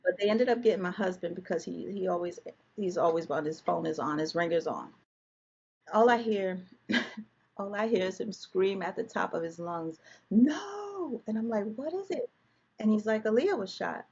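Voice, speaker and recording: A woman's voice: lowish voice, normal speed, a little mellow, breathy edge, lo-fi sound. A woman guest telling an emotional personal story, vividly reliving scenes with quoted dialogue.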